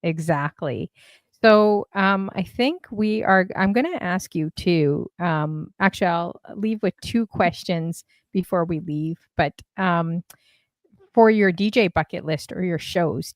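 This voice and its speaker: A woman hosts a casual live-stream interview, chatty and a little scattered. Her voice sits on the lower side. The sound is close and dry. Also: no echo. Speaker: host.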